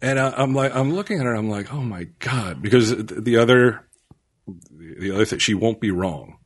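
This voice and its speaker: A man co-hosting a podcast, telling a story in casual chat with animated delivery, swearing and acting out quotes. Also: medium pitch, fairly quick. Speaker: podcast co-host.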